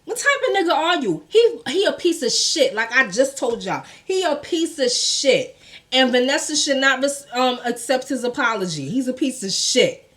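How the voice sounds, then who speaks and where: A woman's voice: high-pitched, very animated, normal speed, fairly bright tone. A woman hosting a casual gossip commentary show, blunt and profane, talking in with laughing asides.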